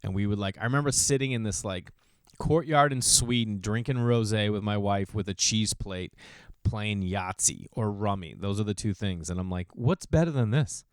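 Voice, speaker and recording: A man in his thirties hosting a podcast, rambling through casual opinions with sudden jumps in pitch. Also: fairly even intonation, moderate pace, clear, resonant tone, dry recording, studio quality. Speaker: podcast host. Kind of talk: casual monologue.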